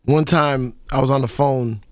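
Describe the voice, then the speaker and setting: A man with a New York accent hosting a radio interview, telling animated stories and putting on loud voices for the people in them. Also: medium pitch, moderate pace, dry recording, studio quality. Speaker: radio host. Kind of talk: casual interview chat.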